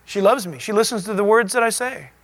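A man's voice: high voice, fast. A male pastor giving a conversational sermon, telling stories and asking the listeners questions. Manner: animated storytelling, asks the listeners questions.

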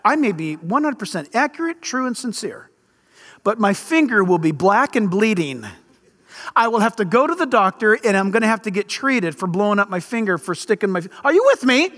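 A middle-aged male pastor preaching a sermon with impassioned, animated delivery and sudden loud bursts. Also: sits high, fairly quick.

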